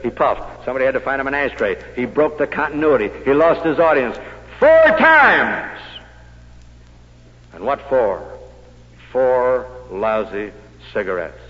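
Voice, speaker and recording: Male speaker, motivational sales talk, punchy rhetorical style; long hall reverb, muffled vintage recording. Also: medium pitch. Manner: punchy storytelling with rhetorical questions. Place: meeting hall with audience. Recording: echoey hall on dull old recording.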